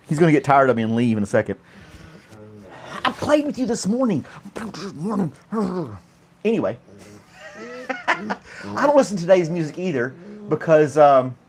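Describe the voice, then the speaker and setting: A man hosting a casual morning chat show, joking and laughing often while a pet clings to his arm. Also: a little high. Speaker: host.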